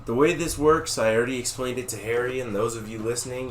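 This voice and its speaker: A man hosting a podcast, chatting with enthusiasm and introducing his guest warmly. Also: mid-range voice, fairly quick, few pauses. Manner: enthusiastic, friendly. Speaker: podcast host. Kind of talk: casual interview chat. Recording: roomy, off-mic with faint noise.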